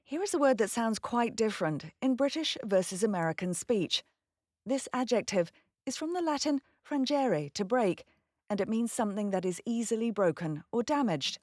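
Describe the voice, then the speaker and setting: A woman who is a professional voice actor, presenting a short pronunciation lesson in a clear, precise way. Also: fairly high pitch, normal speed, no room sound, studio quality. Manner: clear, precise, lively delivery. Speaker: voice actor and narrator, host.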